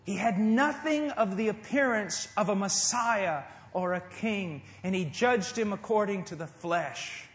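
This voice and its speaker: A middle-aged man from the United States preaching a sermon to a congregation, moving between loud emphasis and hushed, tender passages. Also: high voice, unhurried, hardly any pauses. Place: church service before a congregation. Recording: echoey hall.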